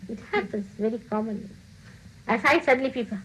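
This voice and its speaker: A woman's voice: on the high side, fast talker, heavy background noise. A woman giving a spiritual talk to her followers, scolding them playfully, laughing often and acting out the voices she quotes. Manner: teasing, scolding with frequent laughter. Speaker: spiritual teacher.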